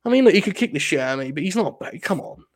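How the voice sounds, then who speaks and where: A man from England co-hosting a podcast, chatting casually in animated, profane, joking rants. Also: fairly high pitch, very fast. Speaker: podcast co-host. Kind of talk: casual chat.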